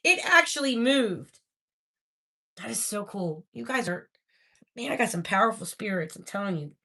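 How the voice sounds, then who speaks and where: Excitable woman on a live stream, talking to her viewers, bright tense tone. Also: medium pitch, fairly quick, vocal fry. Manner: excitable, talks straight to viewers. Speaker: live-stream host running a spirit box session. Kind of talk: live-stream paranormal session chat.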